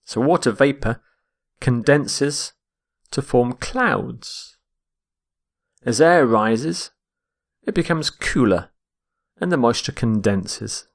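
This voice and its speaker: A man teaches English vocabulary at a slow, unhurried pace. He speaks deliberately and repeats each word to model its stress, in a voice of ordinary middle pitch. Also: expressive, gravelly. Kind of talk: vocabulary lesson.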